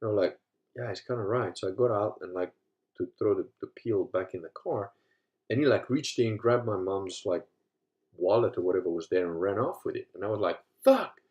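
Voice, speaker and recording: Man, fifties, from Africa, lowish voice, casual monologue, swears a lot, mutters then gets loud and animated. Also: fairly quick, dull audio. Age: 50s. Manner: profane, storytelling, swings from low mutter to loud animated retelling. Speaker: host.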